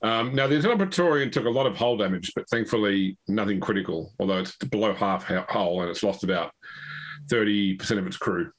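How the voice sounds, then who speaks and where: A man's voice: fairly low pitch, fairly quick, poor audio. A man running a tabletop role-playing game as game master, talking with many fillers and restarts.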